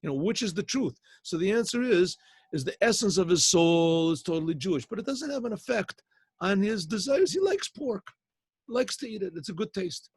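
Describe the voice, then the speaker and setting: A man's voice: high voice, expressive, fairly quick, breathy edge, dry recording. An older man, a rabbi, teaching a casual class, telling a story with quoted voices and mixing in Hebrew terms. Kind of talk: casual spoken Torah class. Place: online class over a video call.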